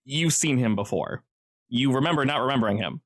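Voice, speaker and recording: A man's voice: medium pitch, lively intonation, a little fast. A man narrating as game master, casual and loose, with lots of fillers.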